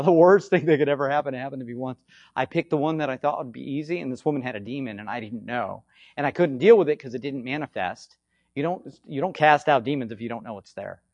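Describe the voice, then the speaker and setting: A man with a slightly hoarse voice, giving an informal teaching on faith healing, swinging between loud bursts and low asides and often checking in with "okay?". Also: dry recording, muffled recording. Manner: repetitive, conversational, frequent "okay?" check-ins. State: hoarse from frequent yelling.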